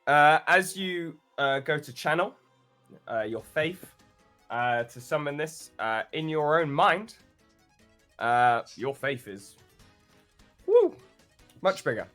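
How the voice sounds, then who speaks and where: A man narrating a tabletop game as game master, telling the action with animated flair, plenty of "uh"s and frequent laughs. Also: a little high, takes it slowly, long pauses, soft background music. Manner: animated storytelling, laughs often, many "uh"s.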